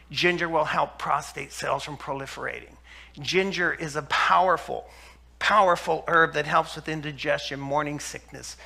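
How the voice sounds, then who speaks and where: A man giving a health lecture to an audience, telling stories and acting out the dialogue with animated energy. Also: a little high, creaky. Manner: animated storyteller, acts out dialogue, laughs. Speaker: health speaker.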